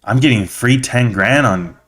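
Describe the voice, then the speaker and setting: A man's voice: medium pitch, measured pace, a bit bright, husky. A man hosting a casual live stream, chatting with viewers as a slangy, blunt storyteller.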